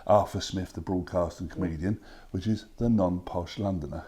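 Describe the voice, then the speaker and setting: A man's voice: low voice, moderate pace, warm tone. An older Cockney man speaks as a talk-show guest, passionate and emphatic. His tone is blunt and down-to-earth. He is speaking in a live studio. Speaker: festival organiser guest.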